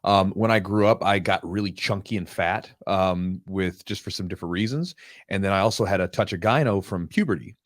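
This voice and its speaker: Man, very low voice, dry close sound, reflective podcast host, hesitant with fillers. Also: brisk, no room sound. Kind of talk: casual podcast interview.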